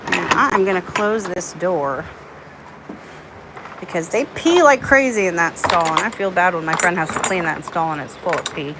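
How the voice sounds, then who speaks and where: A woman casually vlogging on her farm, chatting about her animals and cooing at them in a high baby voice. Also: moderate pace. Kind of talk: casual vlog narration and talking to animals. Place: outdoors on a farm with birds and horses. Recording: outdoor farm noise behind.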